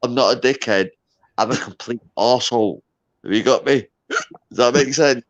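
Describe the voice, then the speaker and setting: A boisterous Scottish man, a little drunk and hiccuping, rambling through loud banter with friendly slang. His voice sits at a middle pitch. The sound is dull and lo-fi. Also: normal speed. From Scotland. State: tipsy with hiccups. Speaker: livestream guest.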